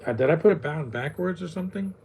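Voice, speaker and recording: A man's voice: on the high side, expressive, fast talker, creaky, noisy background. A man giving casual live commentary on a movie, rambling and mocking what he sees on screen. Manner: rambling, chatty, mocking the film.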